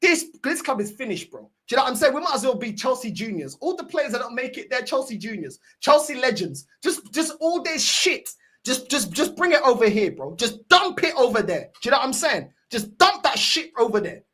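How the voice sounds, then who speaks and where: Woman, fan stream rant, angry, sweary, high voice, lively pitch. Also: a little fast, husky. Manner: angry, sweary, scornful ranting. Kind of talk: ranting fan reaction stream.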